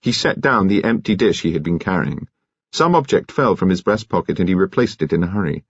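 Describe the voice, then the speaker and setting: A man narrating an audiobook in a crisp, expressive, measured way. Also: low voice, dry recording, dull audio. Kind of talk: scripted narration.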